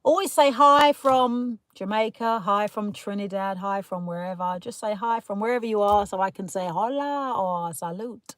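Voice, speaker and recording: A woman's voice: medium pitch, normal speed, hardly any pauses, fairly bright tone, no echo. A woman from Kent, chatting casually with viewers on a live stream, teasing and laughing and calling them darling. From Kent, south of England. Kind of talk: casual live chat reading comments. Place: in a parked car.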